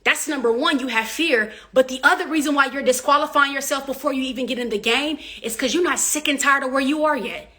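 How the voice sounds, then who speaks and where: High-voiced woman preaching real estate motivation. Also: fairly quick, bright, forceful tone, no echo. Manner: preachy, emphatic, repetitive call-and-response. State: getting out of breath. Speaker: real estate coach and agency owner. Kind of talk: motivational livestream talk.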